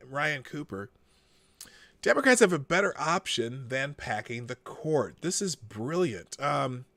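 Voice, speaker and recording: A man's voice: on the high side, fairly bright tone, no echo. A man hosting a live-stream commentary show, reading articles aloud with wry asides and chuckles.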